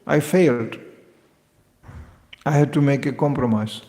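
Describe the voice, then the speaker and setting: Male spiritual teacher, devotional lecture, gravelly and animated, acts out quotes, big echoing hall. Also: mid-range voice, unhurried. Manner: lively, joking, acts out quoted voices.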